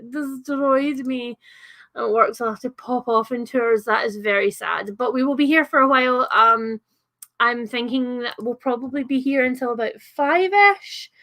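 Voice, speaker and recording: A woman's voice: fairly high pitch, moderate pace, pushed and bright. A young adult woman with a Scottish accent chatting on a livestream, reading out comments with lots of fillers and giggles. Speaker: livestream host.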